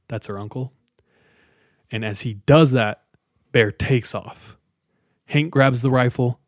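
A man hosting a podcast, casually telling a scary story with dramatic pauses and lots of "like.". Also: mid-range voice, dry recording, clean studio sound. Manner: relaxed, dramatic pauses, many "like"s.

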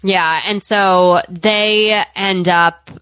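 A woman's voice: mid-range voice, steady tone, extremely slow, sharp tone, clean tone, no echo. A woman co-hosting a podcast in casual, chatty conversation, often laughing. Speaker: podcast co-host. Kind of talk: casual chat.

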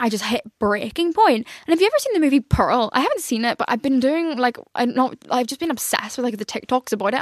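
A woman's voice: on the high side, no room sound, studio quality. A young woman hosting a podcast, telling a personal story in candid casual chat, swearing freely and acting out what people said. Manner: chatty, swears freely, acts out quoted dialogue. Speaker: podcast host.

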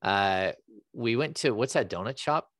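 A man hosting a sports podcast, talking casually with halting restarts and fillers. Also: on the low side, expressive, fairly bright tone, no room sound. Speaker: podcast host.

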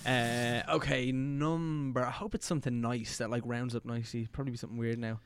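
A man in his twenties, hosting a podcast in a soft-spoken, earnest and effusive way. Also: medium pitch, flat delivery, brisk, clean tone, no room sound. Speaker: podcast host. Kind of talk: casual podcast chat.

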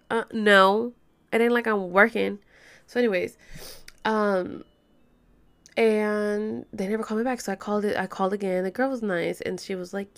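A young woman venting to her viewers in a casual storytime vlog at home. Her talk is loose and heated, packed with "like" and "you know", and she swears freely. Her voice sits at an ordinary middle pitch for a woman. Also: moderate pace. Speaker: vlogger. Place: home bedroom.

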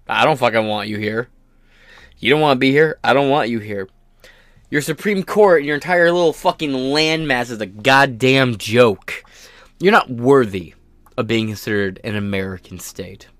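A man's voice: medium pitch, measured pace, fairly bright tone, no echo, clean studio sound. A man hosting his own podcast, ranting in a profane, sarcastic and combative way. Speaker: podcast host.

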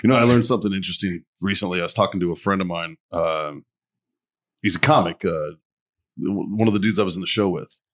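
A man's voice: low voice, quick pace. A man hosting a podcast, telling crude stories full of swearing and laughter. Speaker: podcast host. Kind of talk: crude casual banter.

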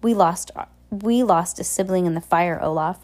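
A weary former henchwoman speaks firmly and with resignation in this storybook reading, voiced by a woman. The voice is low and mellow, with a soft, dark tone. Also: moderate pace, close to an everyday voice. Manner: firm, resigned.

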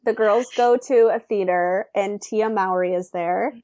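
A woman's voice: medium pitch, unhurried, mellow, dry recording. A woman co-hosting a casual recap chat, summarizing events in a dry, matter-of-fact way. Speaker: podcast co-host.

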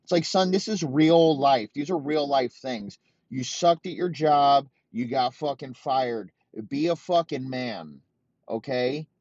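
A man in his thirties delivering a heated, profane comedic rant, talking in rapid-fire bursts. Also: medium pitch, darkish tone, dry recording, dull audio. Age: 30s.

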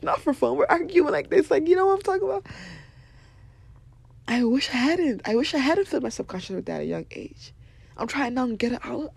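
A young woman hosting a podcast, giving blunt, animated motivational talk, swearing freely and laughing often. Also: high-pitched, gravelly, slightly rough. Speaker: podcast host.

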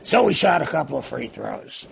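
A man imitating a gruff older male basketball coach holding court. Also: medium pitch, big pitch swings, moderate pace, voice pushed down, exaggerated voice. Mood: teasing.

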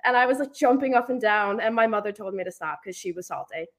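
Lively young woman telling fan stories. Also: mid-range voice, quick pace. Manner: animated storyteller acting out quotes. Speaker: podcast co-host. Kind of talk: casual chat.

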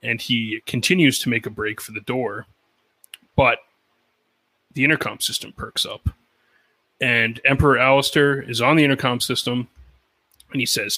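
A man co-hosting a podcast, recapping a cartoon episode in animated, casual storytelling with quoted lines and swearing. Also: medium pitch, normal speed, pauses often, no echo, poor audio. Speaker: podcast co-host.

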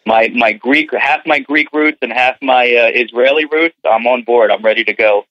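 A man's voice: mid-range voice, normal speed, no echo. Philly-accented man on a phone line. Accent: Philadelphia. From United States. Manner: relaxed, lots of fillers. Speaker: guest. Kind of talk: casual chat on a phone line. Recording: thin phone-line audio.

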